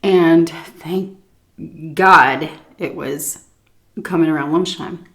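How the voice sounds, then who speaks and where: A woman food vlogger telling a story while eating, animated, dropping to muttered asides and swearing casually. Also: low-pitched, a little hiss or hum. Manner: pauses for chewing and stomach noises while talking.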